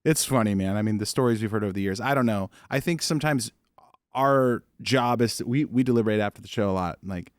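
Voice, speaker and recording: A man's voice: lowish voice, fast, no room sound, clean studio sound. A man co-hosting a podcast, chatting loosely and cracking jokes with his guest. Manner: joking, loose and conversational. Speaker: podcast co-host. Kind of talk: casual podcast chat.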